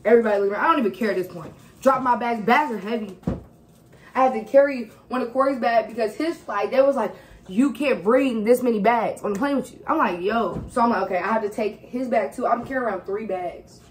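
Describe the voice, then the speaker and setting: A woman telling a story in a casual, animated vlog chat at home. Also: on the high side, fast talker. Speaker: vlogger. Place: home kitchen.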